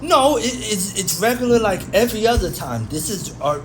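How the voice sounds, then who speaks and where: A man's voice: high-pitched, animated, normal speed, music in the background. A man playing a worried father accused of murder in an amateur audio drama, defensive and stammering, repeating himself. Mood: agitated. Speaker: suspect under interrogation. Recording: noisy amateur recording with ambience.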